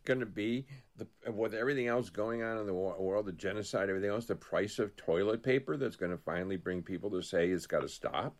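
A man's voice: fairly low pitch, fast, hardly any pauses. A man talking politics casually as a co-host, rambling and restarting his sentences, acting out quotes and stories as he goes.

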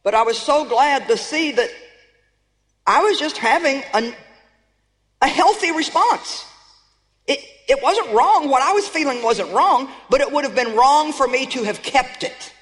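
A woman delivers a sermon with a very high-pitched voice. She preaches in an emphatic, conversational way and sometimes builds to exclamations. Her words ring out with the long reverb of a large hall. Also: expressive, moderate pace.

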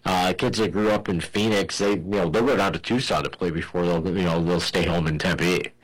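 Guy with a really low voice chatting sports, lots of you know and uh. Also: steady tone, fairly quick, rough recording. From Ohio. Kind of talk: casual sports chat. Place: home in Arizona.

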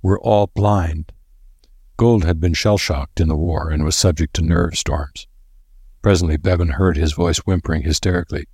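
A man narrating a story in a steady, measured reading voice. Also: a bass voice, slightly rough, no room sound, studio quality. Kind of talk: audiobook narration.

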